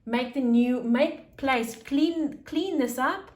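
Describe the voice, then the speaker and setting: A woman giving a casual tarot reading, talking in an emotional, halting way with many restarts and laughs. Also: high-pitched, darkish tone, reverberant. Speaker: tarot reader.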